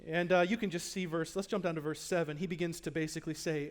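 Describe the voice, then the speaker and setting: A man to a church congregation. He delivers the sermon theatrically, giving voice to the people in the story and shifting from near-whispers to loud cries as he talks straight to the people in the pews. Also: fairly high pitch, fairly even intonation, fast talker. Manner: dramatic, acts out the speakers in the story he preaches on; swings from hushed to loud, speaks directly to the congregation. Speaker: pastor. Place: church in front of a live congregation.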